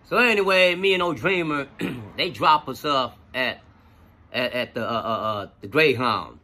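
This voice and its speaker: A man telling a personal story in a profane, animated, casual way, with lots of fillers. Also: mid-range voice, unhurried.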